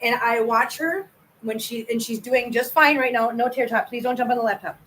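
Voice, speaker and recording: A woman's voice: fairly high pitch, moderate pace, fairly bright tone, distant mic, slight background noise, low-quality recording. Chatty, rambling woman livestreaming. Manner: rambling, chatty, stumbles over words. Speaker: cat channel host. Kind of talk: casual livestream chat with viewers. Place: home with her cats.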